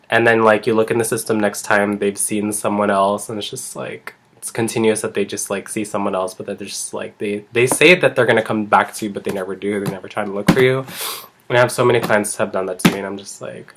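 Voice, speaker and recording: Man vlogging about his salon work, loose rambling delivery with constant fillers, slightly low pitch. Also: brisk, a bit bright, a little hiss or hum. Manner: rambling, heavy use of "like". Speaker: eyebrow artist. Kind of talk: casual chat vlog.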